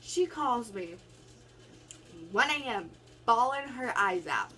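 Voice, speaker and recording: A woman's voice: on the high side, expressive, slow, sharp tone, rough recording. A young woman tells a rambling storytime into a phone camera at home, chatty with many restarts. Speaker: vlogger. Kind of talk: casual storytime vlog.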